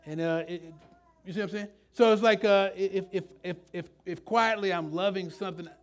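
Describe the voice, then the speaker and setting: The pastor's voice sits high and moves fairly quickly as he delivers a casual, conversational sermon in church, often turning to ask the live congregation questions.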